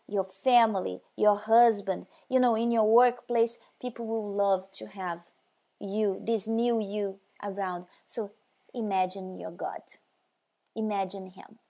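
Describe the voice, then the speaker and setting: A woman's voice: medium pitch, vocal fry, dark tone. A woman giving a motivational devotional talk, speaking directly and emphatically to the listener.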